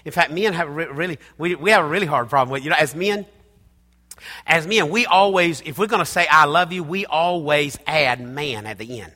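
A man's voice: fairly high pitch, moderate pace, sharp tone, long reverb tail. A man preaching a sermon, emphatic and repetitive, calling out to his congregation from a church. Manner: emphatic preaching, repeats phrases, calls out to the congregation. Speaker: pastor. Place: church hall.

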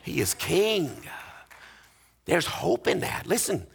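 Male pastor, slightly high voice, gravelly and husky; emphatic sermon delivery with chanted refrains. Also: sing-song, unhurried, pauses often, fairly bright tone. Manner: emphatic preaching with repeated refrains, rising to near-sung cadences.

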